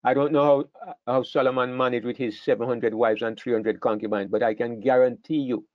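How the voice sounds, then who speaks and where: A man's voice: mid-range voice, steady tone, fairly quick, dry recording, muffled recording. An older man teaches a Bible class in an earnest way, often repeating words as he thinks.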